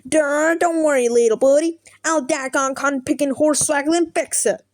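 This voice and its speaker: A woman's voice: high-pitched, normal speed, close to an everyday voice. A woman voicing a dim-witted cartoon rabbit with a put-on Southern drawl. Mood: dopey. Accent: American Southern, put on.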